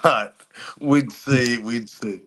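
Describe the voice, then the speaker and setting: A man bantering on a livestream panel, taking his time with each phrase. His teasing comes out in an unhurried, easy drawl. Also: mid-range voice, fairly bright tone. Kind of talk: casual chat.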